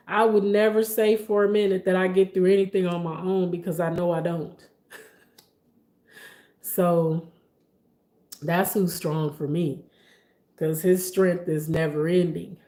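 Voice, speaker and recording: A woman's voice: fairly low pitch, fairly even intonation, unhurried, mellow. A woman guest in a casual podcast conversation, speaking earnestly and from the heart. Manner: earnest and heartfelt, speaks openly about faith.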